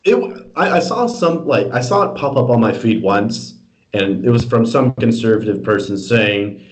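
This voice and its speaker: A man co-hosting a podcast in casual political chat, animated and mocking, with halting restarts. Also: medium pitch, poor audio. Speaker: podcast co-host.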